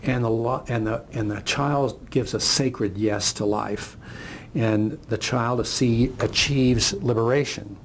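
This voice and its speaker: Gravelly older man telling a story. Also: medium pitch, slow, a little hiss or hum. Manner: reflective, storytelling. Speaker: speaker. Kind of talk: motivational talk, storytelling.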